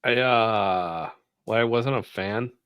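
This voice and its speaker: A man's voice: lowish voice, takes it slowly, a bit bright, smooth, no room sound, clean studio sound. A man co-hosting a casual comic book chat, blunt and profane. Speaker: podcast co-host.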